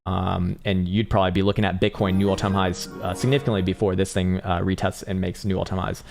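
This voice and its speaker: A man's voice: low-pitched, little pitch movement, quick pace, creaky, darkish tone, soft background music. A young man hosting a casual live trading stream, talking through charts and answering chat in a loose, swearing, often laughing way. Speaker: trading analyst livestream host.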